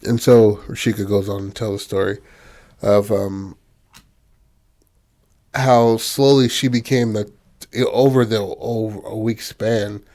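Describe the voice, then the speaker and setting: A man's voice: fairly low pitch, fairly even intonation, unhurried, long pauses, dark tone. A man hosting a podcast, retelling a film in loose, slangy casual chat full of fillers. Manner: loose and slangy, heavy on fillers like "you know".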